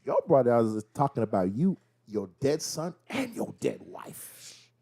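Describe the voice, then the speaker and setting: A man co-hosting a casual pop-culture chat, retelling TV scenes with animated, acted-out quotes. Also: mid-range voice, a little slow, creaky. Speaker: podcast co-host.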